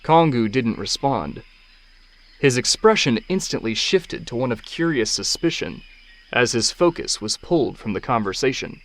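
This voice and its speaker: A man giving measured, scripted narration of an action scene. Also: medium pitch, expressive. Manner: measured and descriptive.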